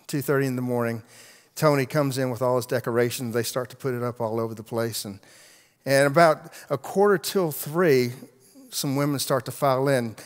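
Man preaching a story in a reverberant hall. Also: mid-range voice. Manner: animated storyteller acting out voices, with repeated restarts. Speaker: pastor. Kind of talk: sermon storytelling. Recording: long reverb of a large hall.

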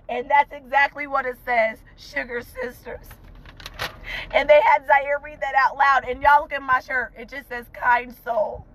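High-voiced woman talking through tears. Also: steady tone, a little slow, a bit bright, low-quality recording. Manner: tearful, fervent, repeats uplifting phrases. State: crying. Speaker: vlogger, mother of two young entrepreneurs. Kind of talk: emotional casual talk to viewers. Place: inside a parked car.

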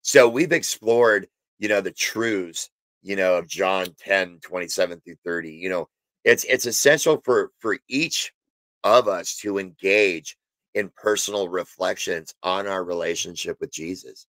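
A man's voice: sits low, measured pace, fairly bright tone, no room sound. A man teaching on a Bible passage in a casual, rambling way, full of fillers and restarts, sometimes emphatic. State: has hiccups. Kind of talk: informal spoken Bible teaching.

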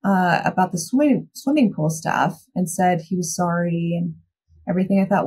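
A woman's voice: fairly low pitch, expressive, moderate pace, a little mellow, breathy edge. A young adult woman giving a candid, reflective personal account as a guest in a podcast interview.

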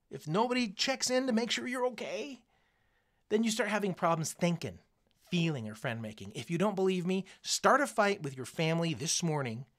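A man teaching a recorded lesson to students, speaking in a conversational, coaching way and acting out the voices of people he quotes. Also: high-pitched. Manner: animated, acts out quoted voices.

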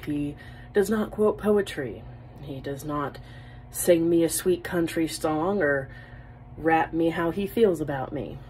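A woman with a slightly low voice tells a comic story in a wry, deadpan way. She sounds exasperated but amused, as if talking straight to a camera. A faint hum sits under her voice.

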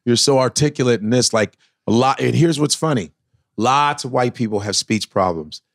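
A man's voice: mid-range voice, moderate pace, no echo, studio quality. A man in casual podcast chat as the guest comedian, emphatic and profane, slipping into mimicked voices. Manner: animated, breaks into mimicked voices.

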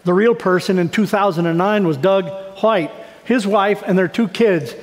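A man's voice: high-pitched, moderate pace. A middle-aged man pastor giving a sermon, talking conversationally and building to emphatic, raised passages. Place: church sanctuary. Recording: long church hall reverb.

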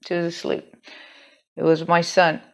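Low gravelly woman telling a story. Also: monotone, moderate pace. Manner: rambling, frequent swearing and restarts. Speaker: channel host telling a personal story. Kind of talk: candid personal storytelling, casual and profane. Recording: dull lo-fi home recording.

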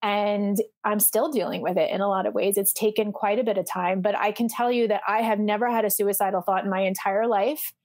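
A woman's voice: mid-range voice, fairly even intonation, a little fast, few pauses, darkish tone. A middle-aged woman speaking as a podcast guest, telling her story candidly and animatedly, acting out the voices she quotes, with frequent fillers.

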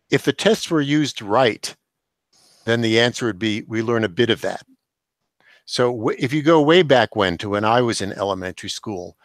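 An older man, a professor and author, giving measured, explanatory answers as a guest in an interview. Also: on the low side, no echo. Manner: measured, explanatory, occasional chuckle.

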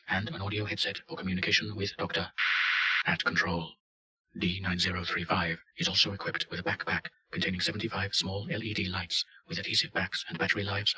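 A man reads a clinical report in a deadpan, very deep monotone. His tone has a hard, forceful edge. The recording sounds dull and lo-fi. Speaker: narrator. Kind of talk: scripted narration.

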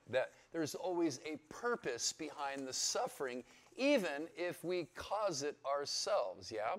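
A man teaching the Bible in a casual, conversational sermon, often checking in with his listeners. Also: on the high side. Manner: chatty, keeps checking in with "yeah?". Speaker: pastor.

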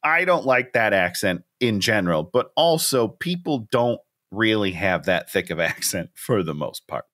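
A man's voice: on the low side, very animated, normal speed, hardly any pauses, a bit bright. A man from the Midwest co-hosting a casual podcast, talking emphatically and swearing for effect. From American Midwest. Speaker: podcast co-host. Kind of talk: casual chat.

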